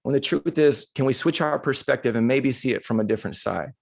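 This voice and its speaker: A middle-aged man giving a motivational talk to a live audience, telling a personal story in an animated, conversational way that turns emotional. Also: medium pitch, fairly quick, creaky. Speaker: motivational speaker. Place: live retreat session.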